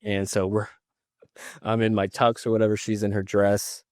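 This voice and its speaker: Easygoing young man, low dry voice. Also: flat delivery, normal speed, darkish tone, no room sound. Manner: easygoing, laughing storyteller. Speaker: podcast co-host. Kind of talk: casual faith conversation.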